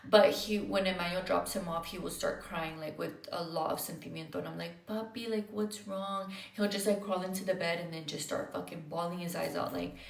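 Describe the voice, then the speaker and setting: A woman's voice: lowish voice, little pitch movement, a little fast, gravelly, few pauses, distant mic. A young woman livestreaming with viewers, talking candidly and close to tears, blunt and profane, with Spanish words mixed into her speech and lots of fillers. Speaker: livestreamer answering viewer comments. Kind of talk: candid emotional livestream chat. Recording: roomy sound, away from the mic.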